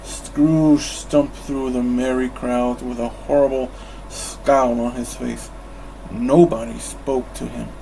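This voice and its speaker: A man reading a bedtime storybook aloud in a calm, measured way. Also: mid-range voice, creaky, slight background noise, poor audio. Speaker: storybook reader.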